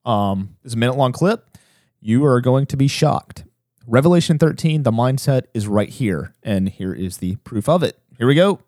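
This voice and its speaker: A man hosting his own religious podcast, talking fast and urgently with frequent restarts. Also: mid-range voice, animated, a little mellow, dry recording, clean studio sound. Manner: fast, urgent, self-interrupting. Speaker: podcast host.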